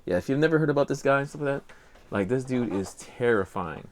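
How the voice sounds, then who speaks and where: An older Cajun-accented man co-hosts a casual podcast chat, telling a rambling, filler-heavy story. His mid-range voice is expressive and fast.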